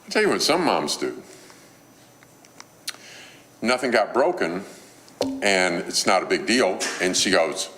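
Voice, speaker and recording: A man's voice: low voice, very animated, measured pace, long pauses, a bit bright, slight background noise. A man preaching a sermon on parenting, telling a story and acting out a mother's scolding.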